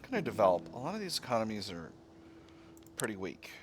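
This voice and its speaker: A man's voice: lowish voice, wildly swooping pitch, a little fast, a little hiss or hum. A man casually commentating his own strategy gameplay, thinking aloud with fillers and playful asides to himself. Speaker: strategy game let's player.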